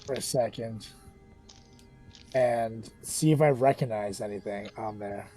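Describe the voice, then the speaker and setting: Man, tabletop player, slow pace, dark mellow tone, low pitch. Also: soft background music. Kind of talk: describing character actions in a tabletop game.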